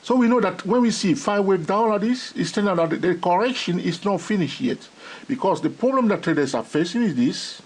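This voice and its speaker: Animated husky man teaching trading. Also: high-pitched, a little fast. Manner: repeats "all right?" and "okay?" constantly, laughs often; animated, gets excited about his subject. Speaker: trading educator. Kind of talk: excitable teaching monologue.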